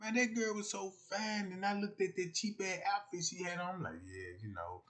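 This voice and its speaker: A man's voice: high-pitched, steady tone, a little fast, a bit bright. A young man, rambling loosely on a casual livestream and acting out the voices he quotes.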